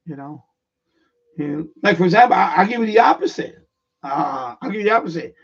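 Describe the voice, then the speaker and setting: In a dull, lo-fi live-stream recording made far from the mic, a man tells a rambling story with lots of restarts and repetition. His voice sits high, slightly rough, with lively intonation and a fairly quick pace.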